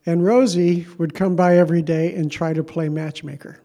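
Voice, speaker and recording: A man's voice: a little high, fairly even intonation, moderate pace, warm tone. A man preaching a sermon as pastor, telling a story in a conversational, self-deprecating way.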